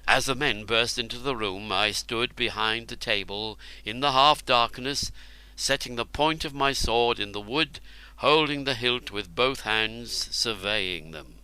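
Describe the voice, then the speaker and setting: Male audiobook narrator, slow and measured, bright crisp voice, super dry close sound. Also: mid-range voice, dry recording, rough recording. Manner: slow, measured, deliberate storytelling. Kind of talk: first-person audiobook narration.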